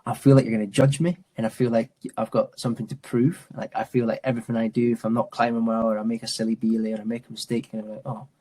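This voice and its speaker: Husky, mellow man in his thirties chatting. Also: medium pitch, little pitch movement, fast talker, hardly any pauses. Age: 30s. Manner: chatty, says "mate" often, restarts and fillers. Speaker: mountain and adventure training instructor. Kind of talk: casual reflective interview talk.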